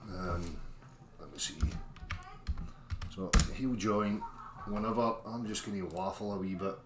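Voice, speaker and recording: A man's voice: deep voice, a little slow, long pauses, echoey room, very noisy. A Scottish man hosting a casual livestream, chatting informally and reading out viewers' names as he greets them. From Scotland. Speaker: livestream host.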